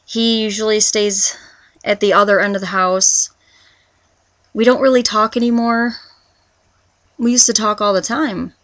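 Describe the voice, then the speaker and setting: A woman in her twenties talking through a confessional personal vlog, rambling and halting, with many restarts as she searches for words. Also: medium pitch, fairly even intonation, a bit bright, no echo. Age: 20s. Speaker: vlogger.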